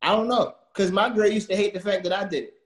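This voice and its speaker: A man's voice: high voice, fast, roomy sound. A man as a podcast guest, ranting about pet peeves with lots of swearing. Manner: ranting and swearing, with repeated filler words. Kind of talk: casual chat.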